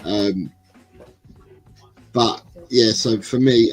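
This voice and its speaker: A man's voice: medium pitch, moderate pace, a little mellow, soft background music, rough recording. A man hosting a casual football livestream, reading chat comments aloud and rambling between them. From England. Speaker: livestream host.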